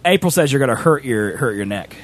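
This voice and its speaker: A man's voice: mid-range voice, brisk. A man hosting a stream, chatting casually and teasing his friend, talking over him. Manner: animated, teasing, talks over others. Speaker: streamer host. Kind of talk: casual chat.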